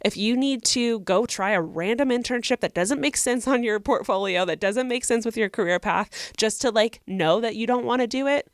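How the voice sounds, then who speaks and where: A woman's voice: on the high side, moderate pace, few pauses, dry recording, clean studio sound. A young woman co-hosting a podcast, giving earnest, encouraging advice in casual chat. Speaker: podcast co-host.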